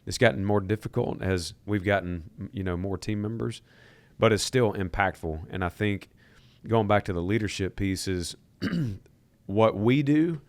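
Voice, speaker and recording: A man co-hosting a podcast, talking in a relaxed storytelling way, with fillers and repeated words. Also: lowish voice, unhurried, no room sound. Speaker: podcast co-host, company leader. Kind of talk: casual podcast conversation.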